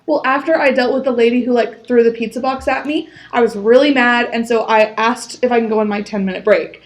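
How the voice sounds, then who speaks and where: High-voiced young woman telling a work story. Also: a little fast. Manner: animated storytelling with quoted dialogue. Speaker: podcast co-host. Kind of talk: casual chat.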